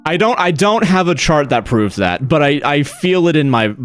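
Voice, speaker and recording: A man's voice: a little high, very animated, moderate pace. A young adult man from the US, a streamer chatting casually in a rambling, profane way and laughing often. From United States. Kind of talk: casual chat. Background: faint music.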